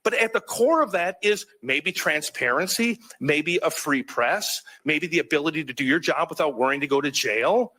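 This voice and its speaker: A man's voice: a little high, expressive, moderate pace, few pauses, bright, forceful tone, poor audio. A man from Wisconsin giving an impassioned speech at an award event, earnest and emphatic.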